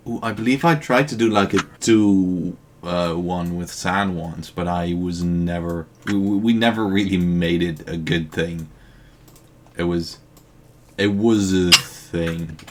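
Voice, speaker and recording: A man's voice: sits low, measured pace, slight background noise. A man chatting during a co-op game session, dry and teasing, with pedantic jokes. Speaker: co-op gaming partner. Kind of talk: casual co-op gameplay chat.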